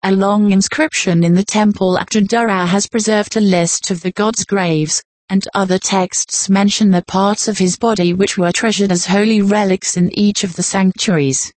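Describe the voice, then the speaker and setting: A woman reading an old nonfiction text aloud in a measured, formal narration. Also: medium pitch, fairly even intonation, a little mellow, dry recording. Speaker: audiobook reader.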